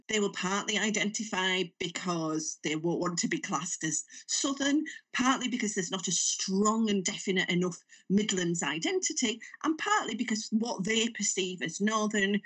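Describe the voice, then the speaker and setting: A woman's voice: fairly low pitch, breathy edge, far from the mic. A woman with a Northern English accent, a writer and comedian talking animatedly as a podcast guest. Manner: animated, chatty storyteller. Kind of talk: casual podcast interview.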